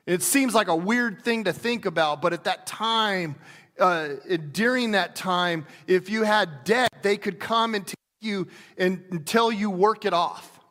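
A pastor preaching in a relaxed, conversational way, often restarting his sentences and acting out quotes. His voice sits high for a man. A long hall reverb trails behind every word. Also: measured pace. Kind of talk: sermon.

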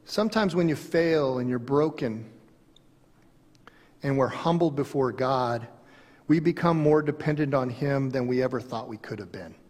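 A man's voice: mid-range voice, moderate pace, darkish tone. Earnest preacher man in an echoing hall. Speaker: pastor. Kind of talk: sermon.

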